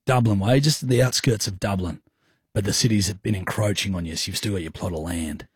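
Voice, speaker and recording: A male radio co-host with a slightly husky voice, recorded dry and close. He teases his partner and laughs easily through the banter. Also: low voice, a little fast, no echo. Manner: teasing, laughing often.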